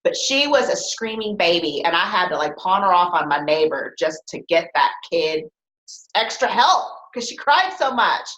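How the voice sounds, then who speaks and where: A woman hosting a podcast in casual chat, animated and laughing often. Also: fairly low pitch, normal speed, echoey room, low-quality recording. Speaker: podcast host.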